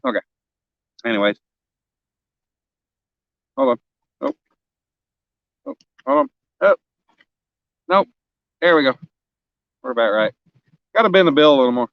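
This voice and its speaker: A man's voice: medium pitch, big pitch swings, measured pace, vocal fry, long pauses, no room sound, muffled recording. A man in his forties, a fishing vlogger chatting casually on a live stream outdoors, joking and teasing his viewers as he rambles. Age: 40s. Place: outdoors on a riverbank.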